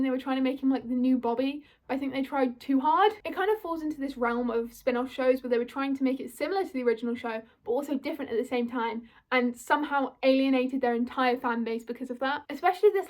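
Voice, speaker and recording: A young British woman talking casually through a fandom video essay, chatty and full of apologetic asides. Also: high-pitched. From United Kingdom.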